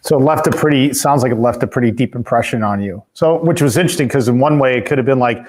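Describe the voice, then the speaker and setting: A man hosts a podcast conversation and asks his guest questions. He speaks haltingly and repeats words as he works toward each question. His voice sits at an ordinary pitch. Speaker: podcast host.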